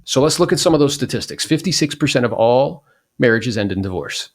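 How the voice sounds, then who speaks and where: A man's voice: medium pitch, expressive, brisk. A man in his forties hosting a podcast, talking casually and animatedly about real estate, acting out the people he quotes.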